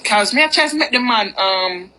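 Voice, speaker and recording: A woman's voice: fairly high pitch, animated, moderate pace, bright, forceful tone, rough recording. A woman telling a personal story in a candid, rambling, chatty way. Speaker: vlogger. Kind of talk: storytime monologue.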